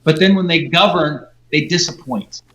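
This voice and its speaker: A man's voice: fairly high pitch, normal speed, a bit bright, reverberant, low-quality recording. A man, a senator, answering interview questions earnestly over a video call.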